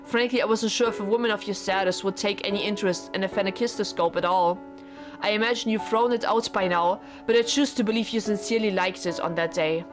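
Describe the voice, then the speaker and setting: An earnest, formal young husband pleads with his wife in stiff old-fashioned phrases, as a woman reads him aloud. His voice sits at a middling pitch. Game music plays clearly beneath the visual novel dialogue. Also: quick pace, lightly acted. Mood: pleading.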